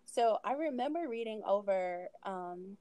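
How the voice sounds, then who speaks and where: A woman's voice: medium pitch, animated, a little slow, warm tone, dry recording. A woman in her thirties, a podcast guest, telling her own story in a candid, conversational way with frequent asides and laughter.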